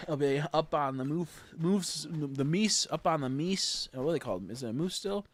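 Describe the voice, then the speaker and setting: A young man casually chatting on a game livestream, rambling and joking, jumping from loud bursts to low mutters. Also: expressive, normal speed. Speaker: streamer. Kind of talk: casual livestream chat while gaming.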